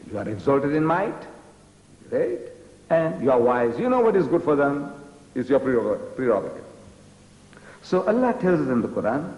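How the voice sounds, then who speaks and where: A man's voice: medium pitch, dark tone. An older man from South Africa, answering in an interview with an emphatic, preaching style, hammering the same rhetorical challenge again and again. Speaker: guest lecturer. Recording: dull, roomy archival TV recording.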